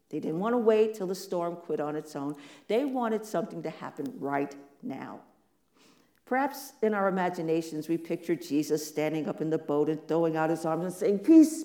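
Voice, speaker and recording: A preacher talks through a sermon in a relaxed, conversational way, tossing out rhetorical questions and light, playful asides. The voice is warm and mellow, and it rings around an echoey room. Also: medium pitch.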